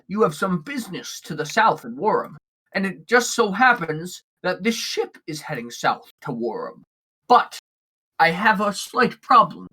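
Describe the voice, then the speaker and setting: A man's voice: sits high, bright, forceful tone, slightly rough, heavily acted, poor audio. A man voicing a portly, friendly male orc who owns a ship, talking eagerly and politely with lots of hesitations. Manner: eager, courteous, stammering.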